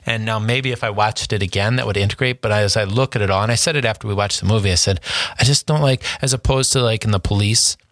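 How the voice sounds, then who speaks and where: Male co-host, low, dry and close, hesitant and reflective. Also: quick pace, few pauses, a bit bright, no echo. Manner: hesitant, thinks aloud with restarts. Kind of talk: casual radio talk about a movie.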